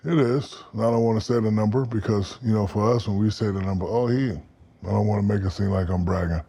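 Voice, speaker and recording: A man in his fifties tells stories as a podcast guest, with a low, dark, husky voice. He is profane and animated, and he acts out the people he quotes. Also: fast talker. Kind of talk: storytelling in casual interview.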